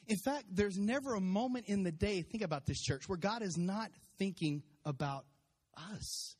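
A man in his forties preaches as pastor in a church sanctuary with a congregation, emphatic and repeating refrains, laughing at times. His voice is high and a little mellow at a moderate pace, with long hall reverb.

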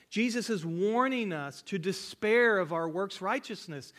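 A male pastor delivers a sermon with a notably high voice. He speaks slowly and earnestly, leaning on repetition to drive each point home. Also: fairly bright tone. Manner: earnest, repetitive preaching with rising emphasis.

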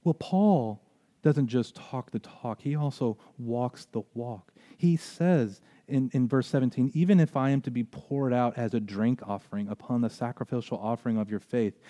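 A pastor delivers an earnest sermon in a warm tone at normal speed, often repeating words. His pitch and volume rise whenever he stresses a point, and he closes in prayer.

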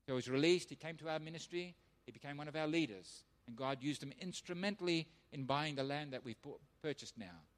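A man preaching as a missionary pastor, telling his testimony as an animated storyteller who acts out the voices of others. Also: a little high, fairly quick. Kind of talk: sermon testimony. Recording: long hall reverb.

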